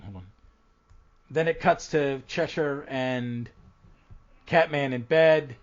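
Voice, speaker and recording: Guy hosting a comic podcast, rambly recap full of ums, kinda dull lo-fi sound. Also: medium pitch. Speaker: podcast host. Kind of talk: casual comic book podcast chat. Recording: dull lo-fi audio.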